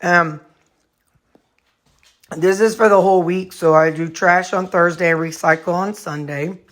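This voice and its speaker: Chatty woman with a lowish voice. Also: fairly even intonation, unhurried. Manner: rambling, chatty, talks to her dogs. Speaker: vlogger. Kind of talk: casual home vlog chat. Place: at home, kitchen and storage room.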